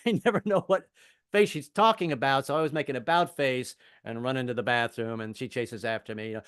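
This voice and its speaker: A man's voice: medium pitch, brisk, a bit bright, smooth, dry recording, studio quality. An older man from the American South doing a rambling, self-deprecating stand-up set with frequent stammered restarts. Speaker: stand-up comedian.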